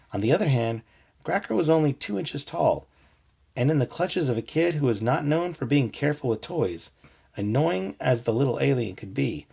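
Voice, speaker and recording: Gravelly man reading a storybook aloud. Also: medium pitch, normal speed, muffled recording. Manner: expressive storytelling. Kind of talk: reading a children's book aloud.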